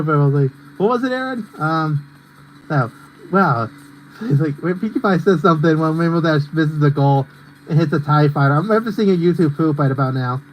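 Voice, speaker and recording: A man's voice: fairly high pitch, animated, moderate pace, highs cut off, slight background noise. A young man streaming a racing game, rambling and ranting in casual commentary with lots of fillers. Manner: rambling and ranty, heavy on fillers.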